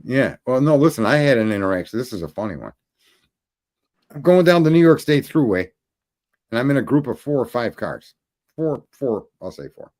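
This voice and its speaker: A man hosting a podcast, telling long stories in casual chat. He swears freely and rambles, and his voice climbs high when he gets indignant. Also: sing-song, moderate pace, darkish tone. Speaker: podcast host.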